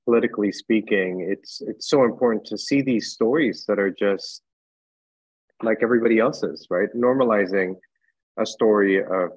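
Male interviewer, measured questions, dry close sound. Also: on the low side, darkish tone, husky, no room sound, low-quality recording. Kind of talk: casual interview.

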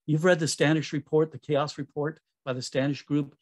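A man giving a conference talk in a relaxed, conversational way, with fillers and self-corrections. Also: fairly high pitch, moderate pace. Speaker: conference speaker.

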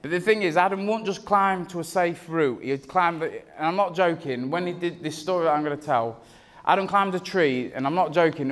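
A young man giving a rambling, teasing wedding speech about his friend. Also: a little high. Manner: rambling, joking, teasing, self-interrupting. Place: wedding reception.

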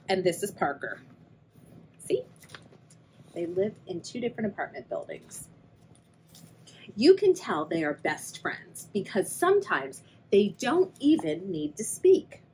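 A woman's voice: medium pitch, wildly swooping pitch, measured pace, pauses often, a little mellow, slight background noise, low-quality recording. A young adult woman, a children's librarian, reading a picture book aloud and asking the young listeners questions. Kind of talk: read-aloud storytime for kids.

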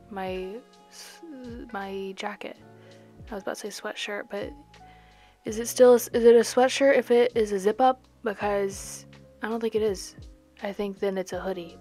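A woman's voice: medium pitch, a little mellow. Rambling chatty young woman painting. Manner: rambling, chatty, self-questioning. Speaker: art vlogger. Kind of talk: casual chat while painting.

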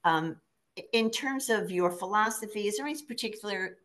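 A woman's voice: mid-range voice, lively intonation, a little fast. A woman hosting a parenting Q&A over a video call, asking questions hesitantly with "um" and "uh" and sharing her view as a parent. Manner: hesitant, with fillers, warm agreeing murmurs. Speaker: webinar host and moderator.

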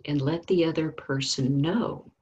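A woman teaching Sunday school, telling a story in an animated, storytelling way. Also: deep voice, unhurried, slightly rough, dull audio. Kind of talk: storytelling lesson.

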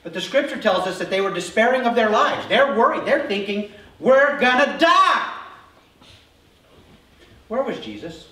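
A male pastor preaching a sermon, telling the story with animated energy and acting out voices before settling into calm, earnest teaching. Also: high voice, a little fast, hardly any pauses. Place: church sanctuary. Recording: roomy hall from a distance.

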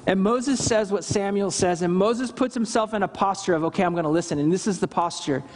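Pastor, male, high voice, earnest sermon, lively scripture quotes, reverberant church hall. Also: fairly quick. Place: church service.

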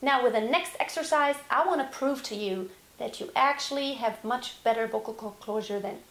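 A woman teaching singing, explaining vocal exercises and demonstrating loud yells. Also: on the high side, moderate pace. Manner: explains with demonstrations, yelling examples. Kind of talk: vocal lesson. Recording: roomy echo.

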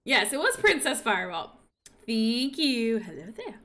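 A woman streaming a life-simulation game with casual commentary, excitable and breaking into gushing squeals over the animals, a little sniffly. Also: fairly high pitch, measured pace.

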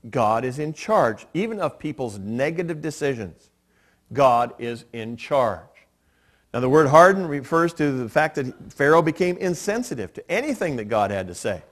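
A man preaching from a church pulpit in an earnest, steady teaching tone, his voice sitting at an ordinary middle pitch. He works through his points patiently and lets a little dry, self-deprecating humor slip in. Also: moderate pace. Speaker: pastor. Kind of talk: sermon. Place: church sanctuary.

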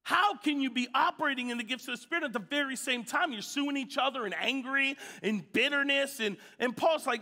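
Man pastor, high bright voice, animated sermon, church hall echo. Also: fairly quick, few pauses. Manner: animated storytelling, shouting at peaks. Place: church sanctuary.

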